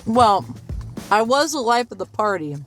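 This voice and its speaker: A woman's voice: a little high, animated, moderate pace, fairly bright tone, faint music behind. A woman co-hosting a cooking show, playful, laughing often and making goofy asides. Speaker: co-host. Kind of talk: casual cooking chat.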